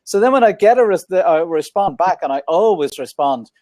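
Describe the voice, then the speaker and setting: A man's voice: high voice, lively intonation, normal speed, darkish tone, dry recording. Chatty Irish man on a call. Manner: chatty, laughs easily. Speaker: guest. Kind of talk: casual chat.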